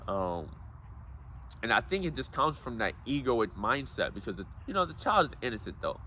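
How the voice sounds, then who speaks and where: A man's voice: medium pitch, sing-song, moderate pace, sharp tone, slight background noise. A man giving a casual, preachy motivational talk, calling his listeners guys and bro. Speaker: self-help speaker.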